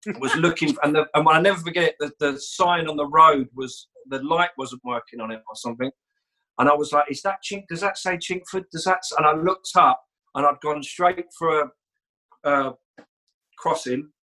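A man telling a lively story in a casual chat. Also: on the high side, normal speed, low-quality recording. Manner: lively storyteller, animated retelling.

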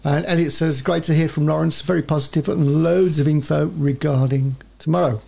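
A man's voice: on the high side, steady tone, a little fast, gravelly, dark tone, slight background noise. A man with a British accent on a podcast, reading listener messages aloud and adding dry, jokey asides. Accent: British English. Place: studio.

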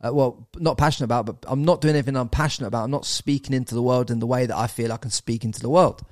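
An English man in his thirties, a podcast guest telling a story in casual chat, animated and swearing, with bro and mate thrown in. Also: medium pitch, very fast, no echo, studio quality. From England.

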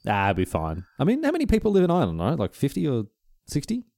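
A man co-hosting a casual podcast chat, telling stories with animated jokes. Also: mid-range voice, quick pace, creaky, no echo. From Australia. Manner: animated storyteller, breaks into joking voices. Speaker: podcast co-host.

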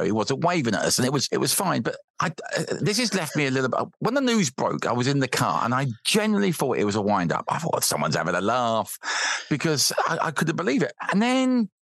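Animated, rambling man. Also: medium pitch, gravelly, no room sound, studio quality. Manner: animated, rambling, repeats words when worked up. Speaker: podcast guest, football fan. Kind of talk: casual podcast chat.

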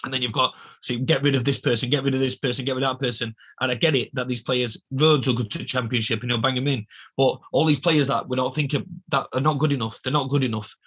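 A man's voice: mid-range voice, steady tone, quick pace, fairly bright tone, husky, muffled recording. A man co-hosting a casual football podcast, ranting emphatically and repeating his points. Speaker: podcast co-host.

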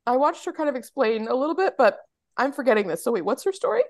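A woman's voice: high voice, very animated, fast talker. An American woman co-hosting a casual TV rewatch podcast, rambling with many fillers and restarts. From United States. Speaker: podcast co-host. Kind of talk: casual chat.

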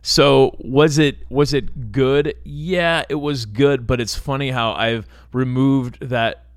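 A man's voice: medium pitch, steady tone, slow pace, smooth, no echo, studio quality. A man co-hosting a podcast in casual chat, telling rambling anecdotes and laughing easily. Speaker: podcast co-host.

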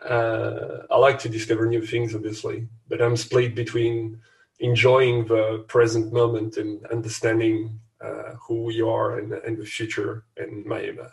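A Canadian man with Portuguese parents, co-hosting a podcast in casual talk, thoughtful and halting, laughing easily. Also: lowish voice, completely flat delivery, creaky, far from the mic. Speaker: podcast co-host. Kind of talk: casual chat.

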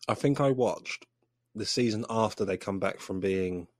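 A man's voice: lowish voice, moderate pace, no echo, studio quality. A man co-hosting a podcast, chatting in a jokey, easygoing way. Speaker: podcast co-host. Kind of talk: casual chat.

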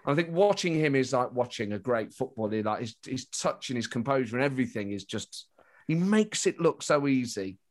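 A man's voice: mid-range voice, expressive, fairly quick. A British man, a comedian, talking animatedly as a podcast guest, often restarting his thoughts mid-sentence. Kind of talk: casual interview chat.

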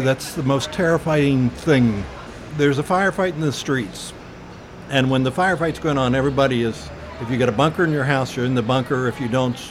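An older American man is interviewed for an oral history, sharing memories earnestly and reflectively, with frequent pauses and fillers. His voice is mid-range, and the background is noisy.

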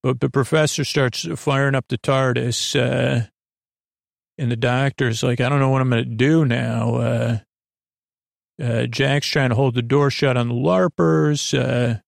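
A man retelling a TV episode as a sleepy bedtime story, meandering and halting, full of fillers and self-corrections. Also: mid-range voice, fairly even intonation, gravelly, dry recording, studio quality. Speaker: podcast narrator.

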